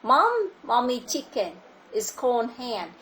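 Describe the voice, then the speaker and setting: A woman's voice: fairly high pitch, big pitch swings, a little slow, fairly bright tone. A woman with a Vietnamese accent teaching a child English over a video call, patiently repeating her questions. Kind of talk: online English lesson for a child.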